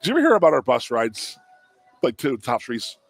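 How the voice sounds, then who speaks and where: Middle-aged male radio co-host, lively rambling anecdotes, dry mic. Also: medium pitch, fairly quick, creaky, no room sound, soft background music. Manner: animated storyteller, fillers and repeated words. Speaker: co-host, former offensive lineman. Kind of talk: casual sports radio chat. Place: radio broadcast from a restaurant.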